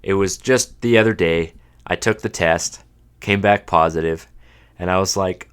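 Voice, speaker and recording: A man's voice: deep voice, unhurried, clean tone. A man in his thirties from Canada hosting a solo podcast, talking casually with dry, self-mocking humor and sounding a little stuffed up from a cold. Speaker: podcast host.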